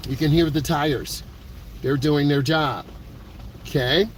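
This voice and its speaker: A man teaching driving from inside a moving car, coaching the viewer calmly and repeating his points. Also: on the high side, slow. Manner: calm, repetitive coaching, talks to the viewer. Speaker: driving instructor. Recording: road and engine noise behind.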